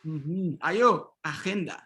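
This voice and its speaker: Over a video call, a middle-aged instructor leads an online pronunciation workshop, calling on students, repeating words back to them, and affirming them often. His voice is on the high side, animated, pushed and bright, and a little slow.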